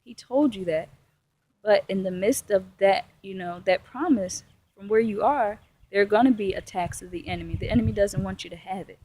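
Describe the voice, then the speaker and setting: A woman's voice: medium pitch, normal speed, a little mellow, slightly rough. A woman giving an earnest, encouraging devotional sermon in a conversational way, acting out everyday prayers and complaints. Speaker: preacher.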